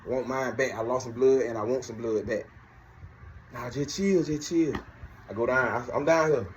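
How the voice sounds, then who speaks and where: A man's voice: mid-range voice, fast, slight background noise, rough recording. A man from Georgia, telling his story casually and profanely, acting out both sides of each conversation. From Georgia, USA.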